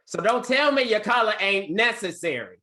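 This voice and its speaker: A man teaching a classroom of students, talking in a lively, expressive way. His voice leaps up and drops low as he tells a story. He has the rolling cadence of a preacher. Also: moderate pace. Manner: expressive, preacher-like cadence with big vocal swings.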